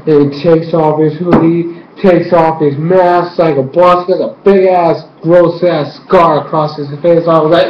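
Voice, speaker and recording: A young man giving an excited, rambling casual review, acting out characters' lines as he retells the story. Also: fairly high pitch, normal speed, hardly any pauses, slight background noise. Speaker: YouTube reviewer. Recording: echoey room, dull lo-fi mic.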